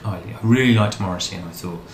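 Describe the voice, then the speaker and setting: Fast-talking man in an echoey room. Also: fairly low pitch. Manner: rambling, self-deprecating storytelling. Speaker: interviewee. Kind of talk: casual interview chat. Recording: echoey room, faint background noise.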